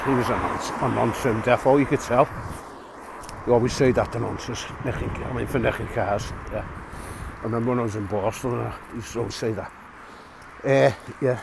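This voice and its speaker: A man's voice: mid-range voice, animated, fairly quick, vocal fry, a little hiss or hum. A middle-aged man from England telling a long personal story in a rambling, chatty way, full of restarts and chuckles. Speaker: vlogger telling prison stories. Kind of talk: casual storytelling. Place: outdoors, walking a dog.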